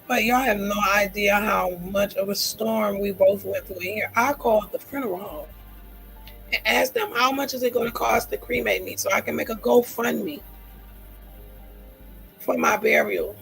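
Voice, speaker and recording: A woman's voice: medium pitch, normal speed, vocal fry, fairly bright tone, soft background music, poor audio. A middle-aged woman talking heartfelt and earnest on her own livestream, repeating phrases for emphasis. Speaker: livestream host. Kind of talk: emotional personal livestream talk.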